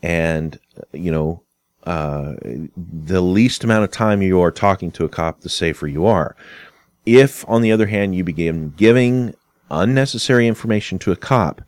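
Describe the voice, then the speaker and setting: A man explaining arguments in a casual spoken lecture, unhurried and explanatory. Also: deep voice, lively intonation, no echo. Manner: unhurried, explanatory, acts out quoted dialogue. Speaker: instructor on arguments and fallacies.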